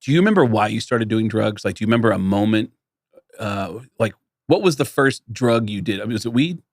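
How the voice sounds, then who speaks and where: A middle-aged man co-hosting a casual podcast, telling stories in an animated way and acting out the people in them. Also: fairly low pitch, a little fast, no room sound, clean studio sound. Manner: animated storyteller acting out voices. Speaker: podcast co-host. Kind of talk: casual chat.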